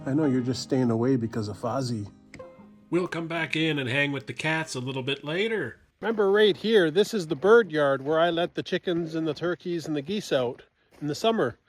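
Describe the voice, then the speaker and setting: A man's voice: a little high, normal speed, faint music behind. A man vlogging casually while walking around his farm, chatting to the camera and to his animals outdoors. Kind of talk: casual walk-and-talk vlog. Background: turkeys gobbling and poultry sounds.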